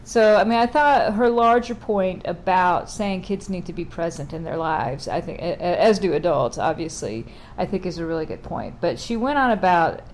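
A woman's voice: lowish voice, lively intonation, moderate pace, hardly any pauses. Wry, exasperated middle-aged woman chatting. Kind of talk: casual monologue.

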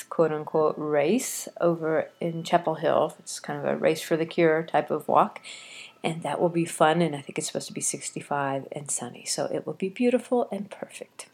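Woman podcaster, lowish voice, stuffed up from a cold, rambling home diary chat. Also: vocal fry. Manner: chatty and rambling, with frequent restarts. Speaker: quilting podcaster. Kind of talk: casual audio diary. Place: home, sitting on a couch.

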